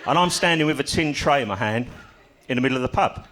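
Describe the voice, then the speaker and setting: A man's voice: mid-range voice, lively intonation, fast, a bit bright. An older man doing a stand-up comedy set on a club stage, telling stories with dry, self-mocking humor.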